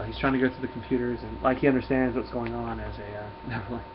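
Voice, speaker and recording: A man, reviewing a comic book in a relaxed, folksy way. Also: mid-range voice, fast. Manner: relaxed, folksy, many fillers. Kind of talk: casual comic review and read-through. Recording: dull lo-fi with faint hum.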